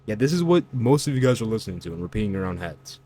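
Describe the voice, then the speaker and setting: A man's voice: fairly low pitch, very animated, racing, mellow. A man giving reaction commentary on song lyrics, incredulous and lecturing, with loose fillers and restarts. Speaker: online commentator.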